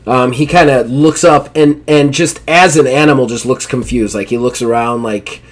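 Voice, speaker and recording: Guy running a tabletop game, chatty n apologetic, laughs a lot, normal pitch. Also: moderate pace. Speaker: game master. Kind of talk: narrating a live-play tabletop game.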